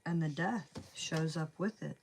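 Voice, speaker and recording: A woman's voice: sits low, measured pace, darkish tone, a little hiss or hum. A woman with a Southern US accent giving a casual tarot reading, chatty and thinking aloud, saying "y'all" and "man". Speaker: tarot reader.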